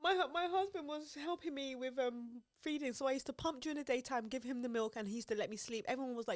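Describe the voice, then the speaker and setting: High-pitched and quick, with few pauses, a young podcast co-host chats casually and tells animated stories, laughing often. The clean studio recording has no room sound.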